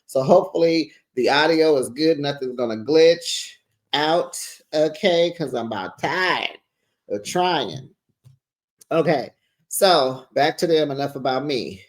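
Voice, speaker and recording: A man's voice: fairly high pitch, lively intonation, measured pace. A middle-aged man chatting through a reality TV recap in a gossipy way, talking into a screened studio microphone in his home office. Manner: chatty, gossipy, calls viewers child and besties. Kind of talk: casual recap commentary. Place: home office with sound panels, door closed. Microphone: studio microphone with pop screen.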